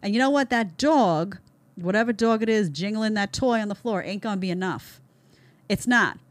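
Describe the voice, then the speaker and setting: A woman's voice: mid-range voice, animated, moderate pace, no room sound. A woman hosting a show, giving opinionated commentary in an emphatic way, with many repeated words and rhetorical questions. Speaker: show host reacting to clips.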